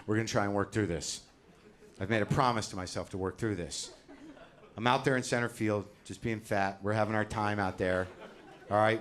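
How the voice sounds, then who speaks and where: A man's voice: lowish voice, fairly bright tone. An older man doing a self-deprecating stand-up routine on a comedy stage, talking conversationally into a handheld mic. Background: audience laughter.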